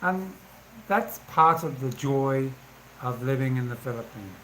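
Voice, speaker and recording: A man's voice: mid-range voice, animated, unhurried, fairly bright tone, slight background noise, poor audio. A man, casually telling anecdotes and laughing as he goes. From England. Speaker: vlogger. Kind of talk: casual storytelling.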